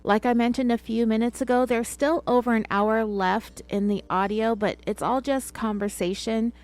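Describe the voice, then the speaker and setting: A woman's voice: on the high side, fairly even intonation, moderate pace, darkish tone. A woman hosting a true crime podcast, retelling an interrogation with sarcastic, opinionated asides. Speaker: podcast host.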